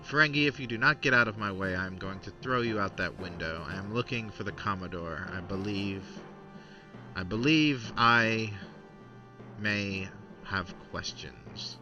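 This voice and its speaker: A man voicing a stern male clone officer who speaks slowly and with menace. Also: lowish voice, animated, lo-fi sound, over music. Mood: threatening. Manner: slow, measured, menacing.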